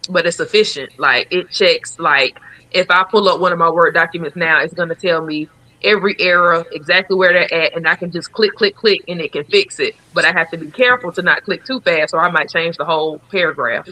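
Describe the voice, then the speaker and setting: Man on video call, sharp bright voice, fairly high, lots of likes and ums. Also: a little fast, poor audio. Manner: casual, filler-heavy, laughs easily. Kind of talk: casual panel chat.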